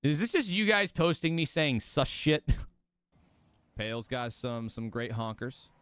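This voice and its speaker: A man's voice: mid-range voice, a little slow, a bit bright, clean tone, dry recording. A young man streaming, chatting casually and rambling with his viewers, laughing often. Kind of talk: casual livestream chat.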